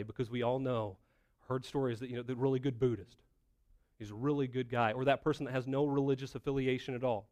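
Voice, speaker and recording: A middle-aged male pastor preaching a conversational sermon, animated and full of rhetorical questions. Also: mid-range voice, brisk.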